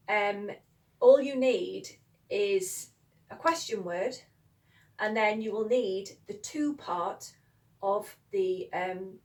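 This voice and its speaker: A woman's voice: medium pitch, far from the mic, low-quality recording. A woman teaching a grammar lesson in a chatty, emphatic way, often checking "okay?". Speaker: language teacher. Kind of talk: spoken lesson explaining Spanish grammar.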